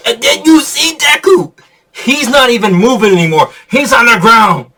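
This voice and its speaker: A man giving a casual, excitable movie review rant, laughing often and swearing freely. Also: extremely high pitch, slow pace, vocal fry.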